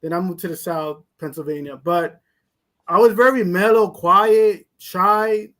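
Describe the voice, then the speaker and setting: A man from the United States speaks in a casual chat with a fairly high voice. He is soft-spoken and reflective, and often trails off to a quiet level. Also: a little slow.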